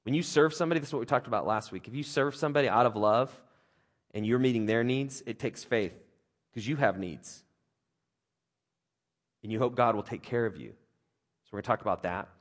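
A pastor, father of young kids, preaches a conversational sermon in a medium-pitched voice, talking a little fast and pausing often. He's animated and jokey, putting on playful voices for other people.

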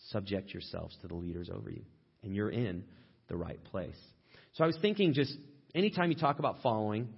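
Guy pastor preaching, chatty, husky voice, kinda muffled lo-fi recording. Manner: conversational, acts out quoted complaints in a higher voice. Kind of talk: sermon.

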